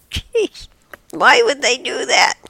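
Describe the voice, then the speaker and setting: A woman, hosting a casual solo talk show and rambling with frequent giggles and soft, half-whispered asides. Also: sits high, big pitch swings, very slow, vocal fry, breathy edge, no room sound. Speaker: podcast host.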